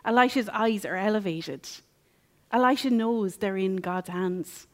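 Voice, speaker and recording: A woman's voice: mid-range voice, measured pace. A woman teaching a Bible passage as a sermon, repeating key phrases and asking rhetorical questions.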